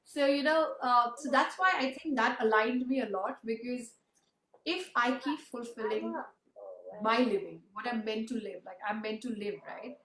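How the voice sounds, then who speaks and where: A woman's voice: on the high side, moderate pace, fairly bright tone. A woman hosting an interview, talking in an earnest, reflective way and rambling with many fillers. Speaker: interview host. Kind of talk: casual conversational interview. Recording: roomy sound with faint background noise.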